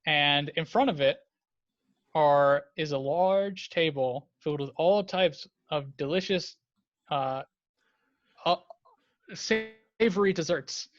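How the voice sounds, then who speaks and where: A man's voice: a little high, slow pace, pauses often, dry recording. A man running a tabletop game as dungeon master, narrating loosely with many fillers. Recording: dull lo-fi dry sound.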